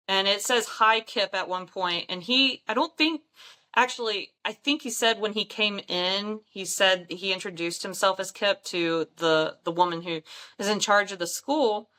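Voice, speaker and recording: A woman's voice: mid-range voice, bright, forceful tone. A woman, a paranormal investigator, telling stories in a casual chat with frequent ums and light laughs.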